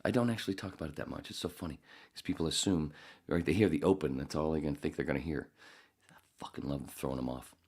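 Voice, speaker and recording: Deep-voiced rambling podcast man. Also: fast talker, breathy edge. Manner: profane, rambling, jumps into loud high voices. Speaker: podcast host. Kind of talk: rambling casual monologue.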